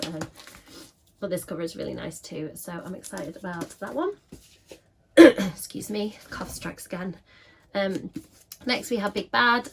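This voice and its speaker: A woman's voice: on the low side, creaky, a bit bright. A woman with a scratchy voice, chatting casually to camera as a book vlogger with frequent filler ums.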